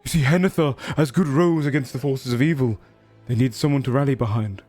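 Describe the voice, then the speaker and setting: A man's voice: mid-range voice, brisk, a little mellow, faint music behind. A man running a tabletop game as game master, narrating lore theatrically.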